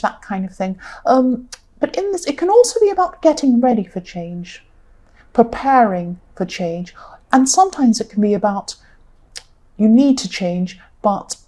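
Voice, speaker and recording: A tired woman with a croaky voice, giving a rambling tarot reading and repeating herself often. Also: medium pitch, mellow. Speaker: tarot reader.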